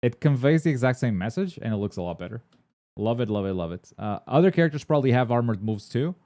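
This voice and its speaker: A man with a mid-range voice hosts a gaming and anime news stream, chatting casually and fast. He rambles excitably, with plenty of filler words and blunt swearing. The audio is studio quality with no echo.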